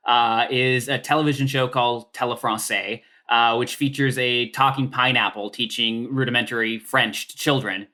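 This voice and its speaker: A man chatting as a guest on a comedy podcast. He rambles through his thoughts, and his sentences are full of filler words and restarts. His voice sits at an ordinary middle pitch. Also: fairly even intonation, moderate pace, hardly any pauses, sharp tone. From Canada. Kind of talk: casual podcast chat.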